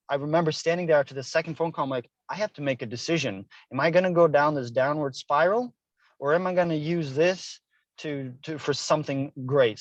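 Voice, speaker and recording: A man's voice: a little high, no room sound, muffled recording. A middle-aged man, a guest author, telling a personal story with earnest feeling and acted-out dialogue. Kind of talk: interview storytelling. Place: Hilo, Hawaii.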